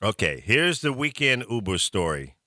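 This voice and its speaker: A man's voice: on the low side, big pitch swings, normal speed, bright, forceful tone, no room sound, clean studio sound. A man hosting a radio talk show, telling a story in casual chat and chuckling as he goes.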